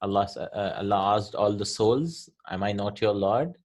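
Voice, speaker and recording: A man's voice: lowish voice, moderate pace, darkish tone. A man teaching an Arabic grammar lesson from a textbook, explaining each point and often checking with "right?".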